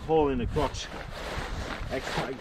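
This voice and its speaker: A Norwegian man with a Norwegian accent, talking casually to camera outdoors by the water while sorting his gear, thinking aloud in halting restarts. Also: mid-range voice, fairly even intonation. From Norway. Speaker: outdoor vlogger. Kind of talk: casual vlog talk while handling gear. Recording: loud wind and outdoor noise. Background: wind and water noise.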